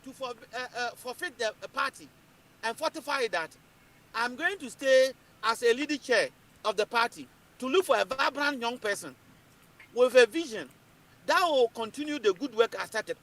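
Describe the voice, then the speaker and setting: A Ghanaian man giving animated political commentary, emphatic and repetitive, switching between English and Twi. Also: very high voice, normal speed.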